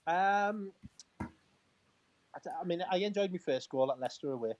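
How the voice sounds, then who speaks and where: A man's voice: sits high, animated, moderate pace, lo-fi sound, slight background noise. A man, a former footballer, telling casual stories as a guest, laughing often and acting out quoted dialogue between restarts and fillers. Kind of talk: casual storytelling on a live talk-in.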